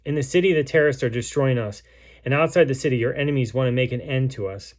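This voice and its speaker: A man's voice: mid-range voice, fast, natural voice. A man reading aloud the words of a starving, grief-stricken mother in a besieged city, in a solemn, pleading way. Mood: pleading, grieving.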